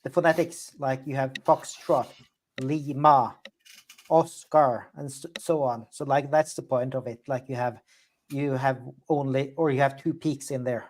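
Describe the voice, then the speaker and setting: A man's voice: medium pitch, steady tone, measured pace. A man from Norway on a casual panel chat, explaining things in a chatty way.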